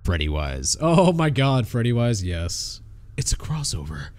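A young man giving excitable live gameplay commentary, swearing and laughing as he reacts. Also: medium pitch, measured pace. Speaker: streamer.

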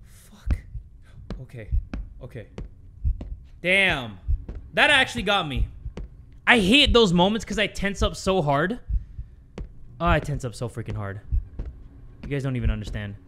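A young gaming YouTuber with a fairly high, bright, forceful voice commentates a horror game from home. He's very animated yet a little slow with long pauses, jumpy, swearing often and shrieking when startled, while talking to viewers. Slight background noise is present.

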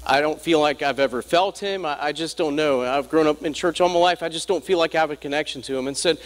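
A man with a notably high voice preaches a sermon, leaning on rhetorical questions and call-and-response with his listeners. His voice rings out with a long reverb tail, as in a large church sanctuary. The delivery is emphatic and story-driven. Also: quick pace.

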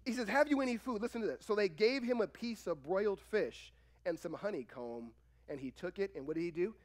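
A man pastor preaching a sermon in a church, animated and acting out quoted voices. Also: high-pitched. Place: church sanctuary.

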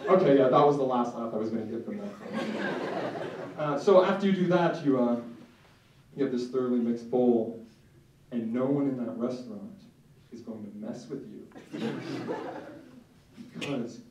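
A young man performing a stand-up set in a club, self-mocking with a deadpan edge and lots of filler words. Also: mid-range voice, normal speed, long pauses, highs cut off. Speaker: stand-up comedian. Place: comedy club stage. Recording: echoey room from far off, faint noise.

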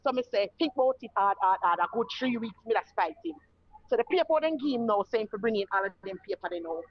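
A woman's voice: medium pitch, animated, fast, lo-fi sound. A woman with a Jamaican accent tells her own story in casual talk and acts out the voices of the people in it. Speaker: guest telling her story.

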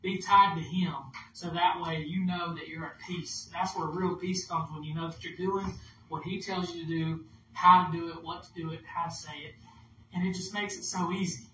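A man's voice: on the high side, steady tone, moderate pace, sharp tone. A man preaching a casual, conversational sermon as minister, acting out inner dialogue and leading prayer. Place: church hall. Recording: echoey room, distant mic, background noise.

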